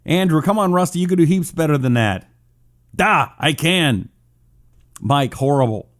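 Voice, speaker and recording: A man's voice: a little high, animated, normal speed. A man hosting a political talk radio show, rambling casually, joking at his own expense and reading listener comments aloud.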